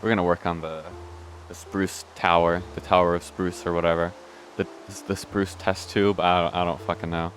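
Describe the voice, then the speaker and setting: A man's voice: low voice, little pitch movement, moderate pace, soft background music. A young man hosting a let's play, rambling through casual gameplay commentary, restarting sentences and swearing offhandedly. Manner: meandering, self-interrupting, swears casually. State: hiccuping.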